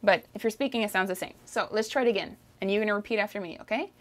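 This French lesson is led by a Canadian French–accented woman with a mid-range voice. She runs slow, drawn-out pronunciation drills, modelling phrases for the listener to repeat and frequently adding "okay?".

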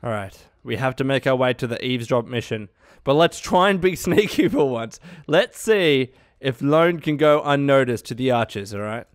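A man's voice: medium pitch, moderate pace, no room sound. Young guy doing let's play commentary, cussing a lot, voice jumps all over, dry close mic. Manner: swearing, laughing, excitable. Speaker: gaming youtuber.

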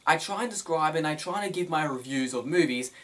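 A man's voice: a little high, expressive, a little fast, a bit bright. A man giving casual advice in a vlog, talking with energy and emphasizing his words, recorded in his bedroom. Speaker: film review vlogger.

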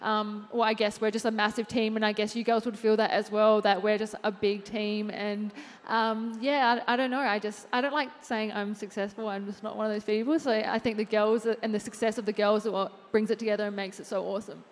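A woman's voice: mid-range voice, steady tone, a little fast. A woman, a fitness trainer, chatting as a guest in a live on-stage interview, unassuming and full of fillers. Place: large event hall with audience. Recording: long hall reverb from a live stage.

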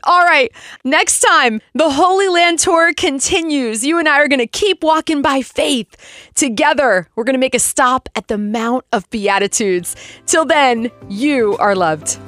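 A high-pitched woman in her forties hosts a devotional Bible podcast, reading scripture and sharing her thoughts in a heartfelt, expressive way. Her voice sounds close and dry, with soft music faintly underneath. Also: unhurried, no room sound. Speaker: podcast host.

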